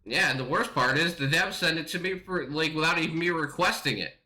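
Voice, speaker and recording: A man's voice: a little high, fairly quick, bright, forceful tone. A man co-hosting a casual gaming podcast, joking and laughing, stammering as he talks. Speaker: podcast co-host.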